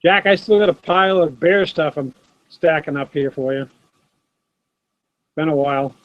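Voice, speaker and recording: At a moderate pace and with fairly high pitch, a middle-aged man runs a live sports card stream from his home desk, casually talking and answering viewers by name. There's no echo. His laptop's built-in camera mic produces dull, dry audio.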